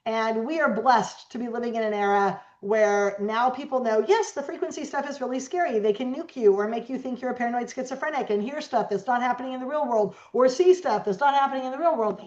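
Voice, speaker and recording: A middle-aged woman guest telling stories in an interview, animated and acting out the voices of the people she quotes. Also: fairly high pitch, brisk, few pauses. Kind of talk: storytelling interview talk. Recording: echoey, dull lo-fi sound.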